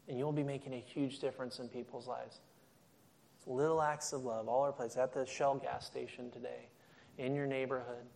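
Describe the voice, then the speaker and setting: A middle-aged man giving a sermon as a guest speaker, telling stories with energy and often restarting his sentences. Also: medium pitch. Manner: animated storytelling with frequent restarts.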